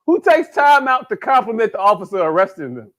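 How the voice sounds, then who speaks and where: A high-voiced man cracking jokes and swearing through a loose podcast chat, his delivery bouncing and excitable. He sounds a bit tipsy as he keeps breaking into laughter. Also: a little fast. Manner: profane, animated, laughs a lot, repeats "hey, look". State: a bit drunk. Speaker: podcast co-host. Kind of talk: casual comedic chat.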